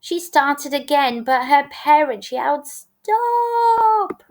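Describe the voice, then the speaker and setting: A woman teacher reading a rhyming picture book aloud with a rhythmic, expressive delivery. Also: on the high side, takes it slowly. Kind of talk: storybook read-aloud.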